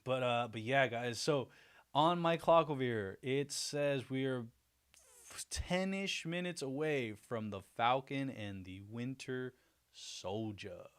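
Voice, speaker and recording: A man's voice: medium pitch, slow pace, smooth. A man hosting a casual livestream, chatty and self-deprecating, laughing often as he talks to his viewers. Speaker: livestream host.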